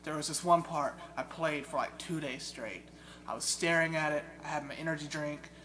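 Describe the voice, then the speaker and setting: A young man in a casual chat about video games, an excitable storyteller who mimics game sounds. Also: on the high side, normal speed. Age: young adult. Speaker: guest. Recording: loud steady hum behind.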